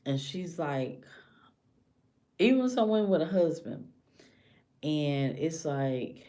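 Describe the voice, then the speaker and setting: Woman w/ aave ranting to camera, low warm voice, keeps going whispery. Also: very animated, slow, pauses often. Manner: impassioned, slips into hushed whispers acting out a scared woman's thoughts. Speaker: vlogger. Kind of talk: casual monologue to camera.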